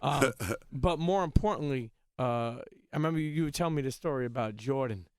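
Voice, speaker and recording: A man hosting a podcast interview in a loose, halting way, restarting phrases and leaning on fillers. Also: medium pitch, clear, resonant tone, dry recording, clean studio sound. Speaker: podcast host. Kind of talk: casual interview chat.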